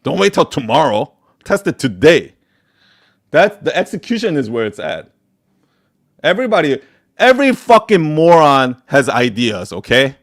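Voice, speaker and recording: A man's voice: a little high, very animated, moderate pace, pauses often. A man hosting a live Q&A, giving blunt, profane business advice and hammering points home with repetition. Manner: profane, forceful, repeats for emphasis. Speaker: host answering live questions.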